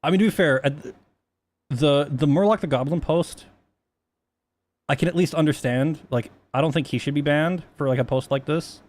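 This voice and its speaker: A man's voice: a little high, moderate pace, darkish tone. A man talking casually on a stream, rambling with many restarts and plenty of swearing.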